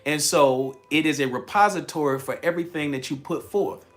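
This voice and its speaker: A man's voice: on the high side, normal speed, soft background music. A man hosting a live-streamed coaching talk, repeating key phrases and greeting viewers by name with lots of energy. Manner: energetic, repetitive, chatty with viewers. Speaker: livestream host and coach.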